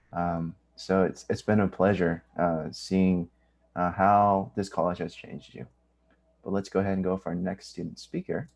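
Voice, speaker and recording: A man's voice: low-pitched, vocal fry, a little mellow. A man hosting a virtual graduation, politely introducing student speakers with hesitant fillers. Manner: polite, hesitant, apologetic about names. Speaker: ceremony host.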